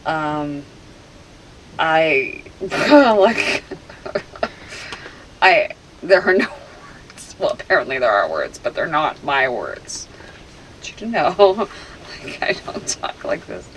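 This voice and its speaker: Low-voiced bewildered woman, noisy background. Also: big pitch swings, takes it slowly, long pauses. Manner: bewildered, embarrassed, drifting between loud and hushed. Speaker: hypnosis volunteer. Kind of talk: unscripted reactions under hypnosis.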